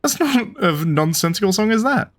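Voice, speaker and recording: A man's voice: sits high, lively intonation, normal speed, voice pushed up. A man voicing a vain young woman singer in a game, self-satisfied and defensive. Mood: smug.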